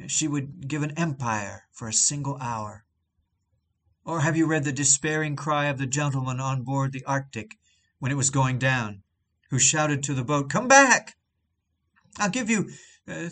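A man delivers an old-fashioned sermon in a middle-pitched voice. His reading is solemn and deliberate, swelling into impassioned outbursts when he voices quoted cries. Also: fairly bright tone. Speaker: preacher reading a classic sermon.

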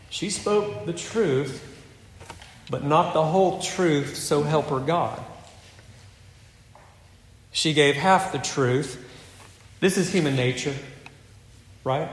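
An earnest male preacher delivers a sermon at an unhurried pace, his voice sitting a little above the usual pitch. He is measured, and he drops to a soft voice to drive points home. The sound is roomy, with a long reverb, as if heard from a distance in a large hall.

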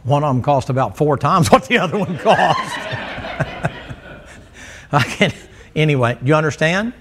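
Against a noisy background, a male preacher with a voice on the high side speaks expressively and at a measured pace. He gives a folksy, joking sermon in church, telling stories and teasing the congregation.

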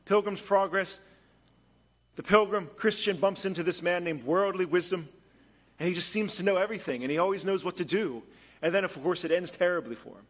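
A man preaching a sermon as pastor, moving between hushed storytelling and emphatic points. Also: high voice, a little fast.

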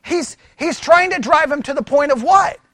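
A man teaching scripture in a conversational sermon, animated and full of rhetorical questions. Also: extremely high pitch, moderate pace, dry recording, clean studio sound. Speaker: pastor teaching.

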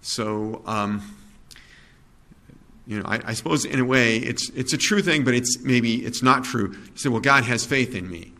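A man preaching a sermon in a conversational, digressive way, with fillers, self-corrections and soft chuckles at his own asides. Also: medium pitch, a little slow.

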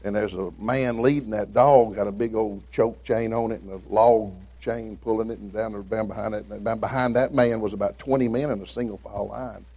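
A man's voice: lowish voice, fairly even intonation, fairly quick, hardly any pauses, warm tone, husky. A man from Middle Tennessee with a Southern accent, a visiting preacher telling folksy humorous stories in a sermon. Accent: Southern American, Tennessee. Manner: folksy storytelling, acts out quoted voices.

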